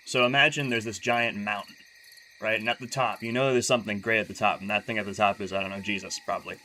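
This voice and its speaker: A man's voice: fairly low pitch, steady tone, fast, pushed and bright, a little hiss or hum, poor audio. A man streaming live who reads aloud and then chats casually, stumbling and restarting his sentences often and making wry asides. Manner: chatty and wry when talking freely.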